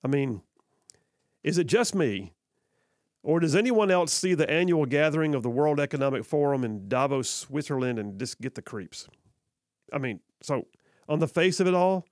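A male talk radio host with a mid-range, slightly mellow voice delivers opinionated, sarcastic commentary from a radio studio, on a studio microphone with no room sound. His manner is conversational, with many "I mean" asides.

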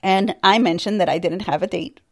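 A woman's voice: mid-range voice, brisk. A woman co-hosting a podcast, telling a story in a wry way, laughing often and swearing casually. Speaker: podcast co-host.

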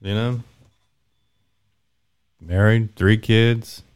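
Very deep-voiced easygoing man. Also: fairly even intonation, very slow, clear, resonant tone. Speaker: podcast guest. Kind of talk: casual podcast chat.

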